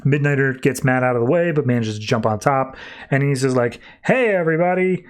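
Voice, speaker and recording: A male podcast host recapping a comic book in casual chat. He rambles quickly through the story, with plenty of fillers and restarts. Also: medium pitch, fairly even intonation.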